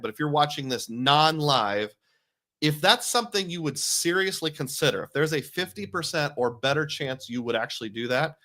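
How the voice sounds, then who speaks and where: Man host, casual and chatty livestream talk, crisp bright tone, mid pitch. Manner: casual, thinking aloud, chatty with viewers. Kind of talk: live-stream commentary.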